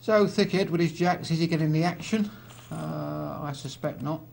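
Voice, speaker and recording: A man's voice: on the high side, normal speed, gravelly, a little mellow, a little hiss or hum. A man gives live poker commentary, walking through each hand with a chatty manner and dry teasing asides to his co-host.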